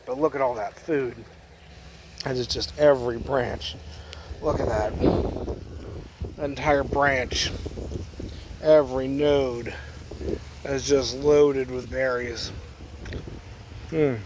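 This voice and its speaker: Casting: easygoing male grower, mid-pitched, chatty walk-and-talk by his trees, clucking hens and a crowing rooster clearly heard behind him. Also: takes it slowly, pauses often. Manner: relaxed and chatty, often munching berries while talking. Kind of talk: casual garden vlog. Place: outdoors among fruit trees on his property. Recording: outdoor noise with chickens and a rooster.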